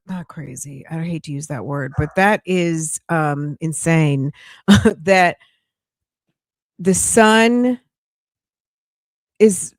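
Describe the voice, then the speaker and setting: A woman's voice: fairly low pitch, no echo, clean studio sound. A woman hosting a casual live commentary stream, chatty and incredulous, often laughing. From United States. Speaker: livestream commentary host.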